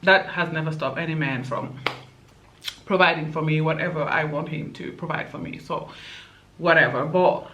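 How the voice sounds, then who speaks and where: A woman's voice: low-pitched, steady tone, normal speed, lo-fi sound, noisy background. A woman vlogger ranting in a sassy, emphatic way, peppering her talk with "okay" and "like". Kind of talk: casual opinion rant.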